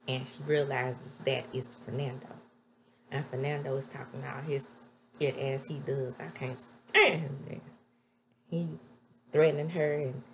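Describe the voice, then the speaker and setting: Low-voiced chatty woman reviewing a show. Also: a little hiss or hum. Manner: chatty, with sudden loud high exclamations. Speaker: TV episode reviewer. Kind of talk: casual spoken episode recap.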